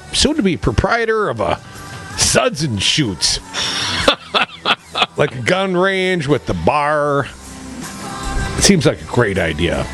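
A man co-hosting a political talk radio show, reading the news with wry, joking asides. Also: on the high side. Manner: wry, animated, jokey asides.

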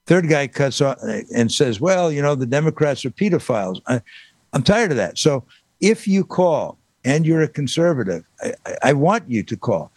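A man's voice: a little high, dry recording. Man, radio talk host, emphatic, repeats for emphasis, dry studio sound. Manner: emphatic, repeats points for stress.

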